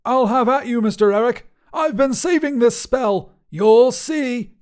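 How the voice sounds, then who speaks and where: A man voicing a whiny, fussy male wizard who was turned into a table, speaking in a shrill, panicky, pleading way. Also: animated, takes it slowly, a little mellow, clean tone.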